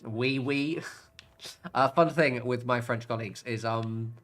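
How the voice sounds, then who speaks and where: This British man streams a game and talks casually as he plays, rambling between subjects, laughing often and cursing occasionally. He speaks a little slowly in a medium-pitched, slightly bright voice.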